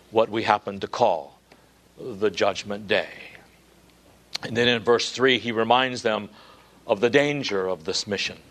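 A man preaching an expository sermon in an earnest way, rising to emphatic peaks and dropping to low, hushed passages.

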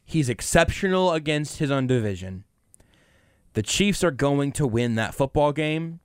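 A man hosting sports talk radio. He fires off brash, animated hot takes with a somewhat high, clean and smooth tone. The studio sound is dry and close. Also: unhurried, dry recording.

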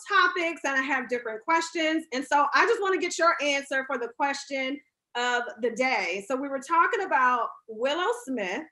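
A woman hosting a casual interview show, bubbly and quick to laugh. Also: high-pitched, bright, forceful tone. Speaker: host.

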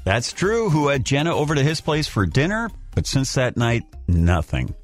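A man's voice: medium pitch, sing-song, moderate pace, music in the background. A man co-hosting a morning radio show from the studio, coaxing and incredulous as he talks with callers. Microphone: studio microphone.

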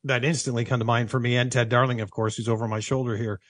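Brief: male sports broadcaster, earnest and reflective, mid pitch, dry close mic. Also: level tone, fast, fairly bright tone, dry recording. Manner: thoughtful, earnest, repeats for emphasis. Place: office.

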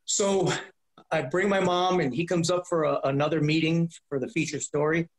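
A middle-aged comedian telling lively anecdotes in an interview, acting out the voices of the people in them and swearing freely. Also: male voice, on the high side, normal speed. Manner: profane, acts out voices in anecdotes. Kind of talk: animated storytelling. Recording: roomy echo.

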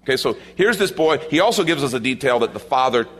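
A man's voice: mid-range voice, expressive, quick pace. A male pastor preaching a sermon in a conversational way, with asides to the congregation.

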